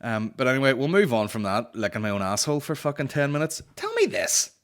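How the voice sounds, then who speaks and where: A man's voice: medium pitch, fast talker, smooth. A young man hosting a comedy podcast, ranting casually in rambling, profane banter. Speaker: podcast host.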